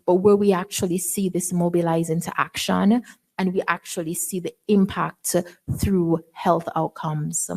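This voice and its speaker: A woman physician giving an earnest presentation, pausing often with fillers. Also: fairly low pitch, flat delivery, a little mellow. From Canada. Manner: earnest, many filler pauses. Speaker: physician speaker. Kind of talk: presentation talk.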